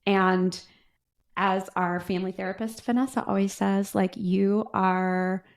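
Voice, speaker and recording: A woman's voice: mid-range voice, fairly even intonation, creaky. A woman in her forties, a podcast co-host, speaking in casual chat about her son, heartfelt and emotional. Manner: heartfelt, emotional, slow and searching. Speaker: podcast co-host, guest's mother.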